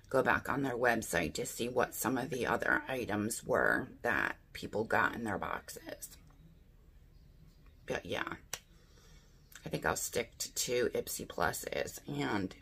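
A woman's voice: extremely low pitch, gravelly, fairly bright tone, slight background noise. A woman chatting casually through a beauty box unboxing, thinking aloud and asking her viewers what she should do. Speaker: beauty vlogger.

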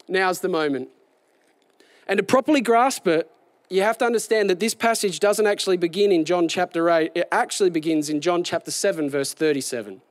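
High-voiced animated male preacher. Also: quick pace, dry recording. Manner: animated, building to raised excited delivery. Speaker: pastor. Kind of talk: sermon. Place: outdoors.

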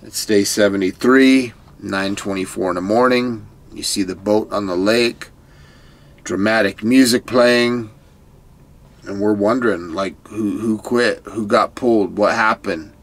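A man's voice: fairly low pitch, steady tone, unhurried. A man casually recapping a reality survival episode, retelling scenes and quoting the people in it. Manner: retells scenes, quoting participants, repeats "crazy". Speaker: YouTube reviewer.

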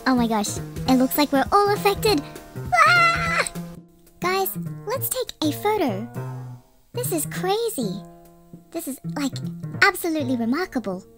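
Squeaky shrunken tiny avatar. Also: female voice, wildly swooping pitch, a little slow, long pauses, music in the background, full character voice. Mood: giddy. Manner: giggly, squealing, exclaiming. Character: shrunken tiny woman avatar, giddy and excitable. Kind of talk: game voice-over.

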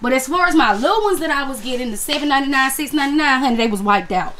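A woman's voice: high-pitched, expressive, racing, a bit bright, slight background noise. A woman talking casually to viewers about her craft haul, calling them honey and y'all. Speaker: crafts vlogger. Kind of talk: casual chat to camera.

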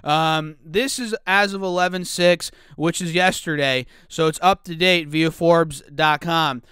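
A man hosting a casual stock market video, his voice rough from just waking up, talking chattily to viewers he calls guys and clearing his throat now and then. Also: fairly high pitch, steady tone, a little slow, a bit bright, no room sound, studio quality. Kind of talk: casual talk to camera.

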